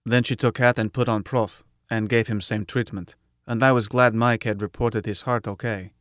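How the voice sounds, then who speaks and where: A man's voice: on the low side, steady tone, moderate pace, fairly bright tone, no echo, studio quality. A man narrating a story in the first person, with blunt, clipped phrasing. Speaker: audiobook narrator.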